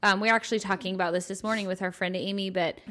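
A woman's voice: medium pitch, fairly even intonation, very fast, bright, forceful tone. A young adult woman, a mother, co-hosting a podcast in casual chat, candid and earnest with playful jokes. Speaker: podcast co-host.

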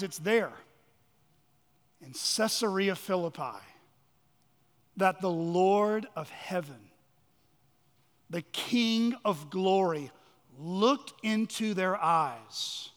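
A man with a strikingly high voice preaches a sermon, pressing hard on key words and then sinking into hushed, slow phrases. His voice rings with a long reverb, as in a church sanctuary. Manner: dramatic preaching, swinging from loud emphasis to hushed lows. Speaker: pastor.

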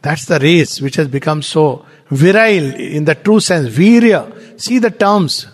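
Indian guy giving a spiritual talk, fairly high voice, lively, asks questions then answers them, big echoey hall. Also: unhurried. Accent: Indian English. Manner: animated, explanatory, with rhetorical questions. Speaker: spiritual teacher. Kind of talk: spiritual lecture. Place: lecture hall at a centre. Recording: long hall reverb.

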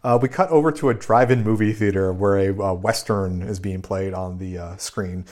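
A man's voice: low-pitched, moderate pace. A man hosting a podcast, casually recapping a film scene by scene with many fillers. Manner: relaxed, filler-heavy recap. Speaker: podcast host.

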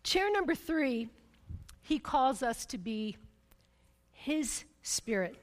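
A woman preacher speaks slowly but very animatedly, her high voice filling a big hall with long reverb. Telling a personal story in her sermon, she keeps checking in with "right?" and swings between loud, emphatic passages and hushed, intense ones.

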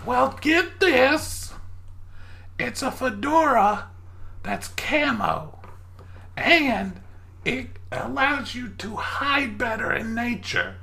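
Fields: Figure: cheery pushy shopkeeper, played by a woman. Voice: high, lively. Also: extremely slow, creaky, heavily acted. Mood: sly, salesy. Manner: salesy, playful, teasing. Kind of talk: tabletop role-play voicing.

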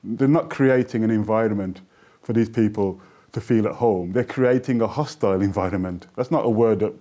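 A man's voice: lowish voice, a little fast, warm tone. A middle-aged man, a poet and interview guest, telling stories earnestly and reciting his own verse. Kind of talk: interview conversation.

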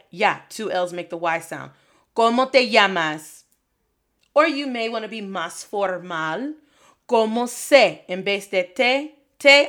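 A woman teaching a Spanish lesson, drilling phrases with lively repetition and switching languages. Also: medium pitch. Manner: animated, switches between English and Spanish, repeats phrases for drill. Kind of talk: energetic video lesson. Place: Detroit.

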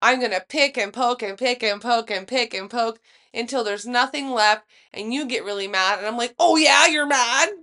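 A young woman co-hosting a podcast, telling a story in a casual, profane, animated way and acting out the quotes. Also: a little high, normal speed. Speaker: podcast co-host. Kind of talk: casual chat.

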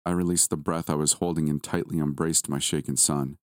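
A man calmly narrating a first-person horror story in a measured, scripted delivery. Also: a bass voice, dry recording, studio quality.

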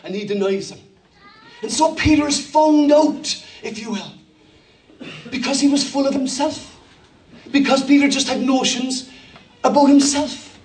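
An Irish pastor with an unusually high voice delivers an emphatic, storytelling sermon and calls on the room to respond. His voice echoes through a roomy hall and sounds set back from the microphone. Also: unhurried, pauses often, darkish tone. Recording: roomy hall, mic at a distance.

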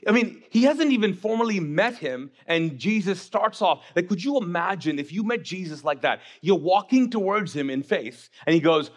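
A man preaching a sermon as pastor, animated and joking, acting out the voices of the figures in the story. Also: on the high side, moderate pace.

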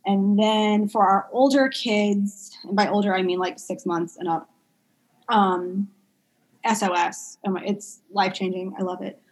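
A little slow and slightly rough, the mid-range voice belongs to a young woman guesting on an interview; she's a pediatric medical speech-language pathologist. She chats casually with plenty of fillers and retells stories with lively energy, captured in a rough recording.

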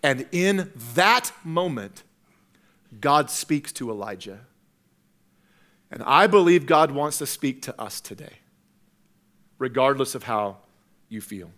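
A male pastor preaching a sermon earnestly, dropping to a hush at times and repeating words as he goes. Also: mid-range voice, animated, slow, pauses often. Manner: earnest, swings from loud to hushed, repeats words.

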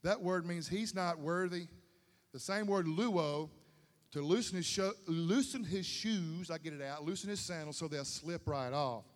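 Folksy preacher man, booming hall. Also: unhurried. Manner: folksy, repeats himself, builds to emphatic peaks. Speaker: pastor. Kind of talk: sermon. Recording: long hall reverb.

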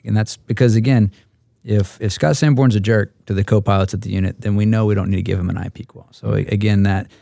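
Gravelly, halting male pilot storyteller. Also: lowish voice, steady tone, warm tone, no room sound, studio quality. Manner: halting, repeats words, restarts. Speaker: helicopter instructor pilot. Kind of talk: roundtable storytelling.

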